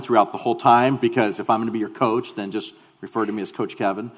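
A man's voice: fairly low pitch, fairly even intonation, brisk, long reverb tail. A male pastor giving a sermon, telling a personal story in a humorous, conversational way.

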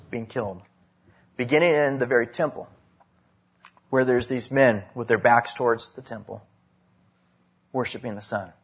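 A man preaching a sermon, swinging between loud emphasis and hushed drops. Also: mid-range voice, vocal fry, husky, dull audio. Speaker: pastor.

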